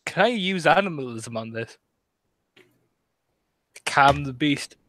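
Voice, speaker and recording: Lively animated man, dry close mic, casual player at a tabletop game. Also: fairly high pitch, no room sound. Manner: animated, laughing, quick rules talk. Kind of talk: casual tabletop role-play.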